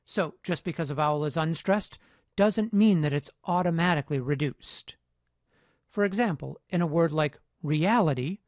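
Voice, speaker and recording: A man delivers a phonetics lesson in a measured, exact way, his voice sitting a little high. The sound is close and dry, with no room around it. He spells out each point with steady care. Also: no room sound. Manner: measured, precise, explanatory. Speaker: phonetics instructor. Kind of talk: scripted lecture narration.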